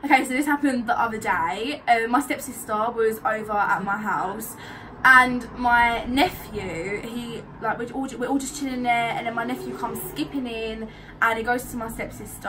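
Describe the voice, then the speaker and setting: A young British woman chatting casually, telling a story with easy laughter and a relaxed manner. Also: fairly high pitch. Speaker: co-host. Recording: distant mic, faint hiss.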